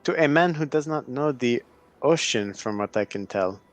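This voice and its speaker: A man's voice: mid-range voice, expressive, moderate pace, dry recording, lightly acted. A man playing a blunt male warrior in a tabletop game, speaking in plain, careful questions. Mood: puzzled.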